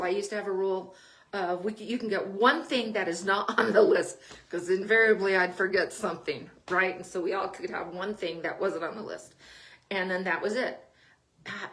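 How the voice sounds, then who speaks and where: An older woman talks through parenting advice in a relaxed, conversational way. She is chatty and laughs often between her points, and her voice sits at an ordinary middle pitch for a woman. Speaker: podcast host giving parenting advice. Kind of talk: casual advice talk.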